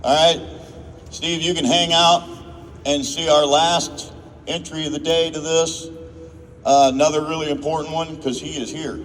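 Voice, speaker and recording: A man's voice: on the high side, little pitch movement, normal speed, fairly bright tone, a little hiss or hum. Emotional man presenting an award. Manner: emotional, rambling, self-interrupting. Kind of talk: off-the-cuff award speech. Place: large indoor event hall. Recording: distant mic in a reverberant hall.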